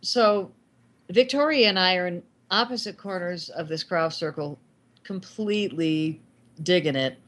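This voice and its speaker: A middle-aged woman, a guest filmmaker, telling animated anecdotes in casual talk and acting out the lines of the people in them. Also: lowish voice, measured pace. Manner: animated anecdotes with acted quotes. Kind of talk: casual storytelling.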